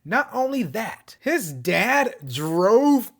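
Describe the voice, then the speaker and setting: A man's voice: sits high, big pitch swings, very slow. A man recapping and reviewing a TV show in a casual, gushing way, laughing often.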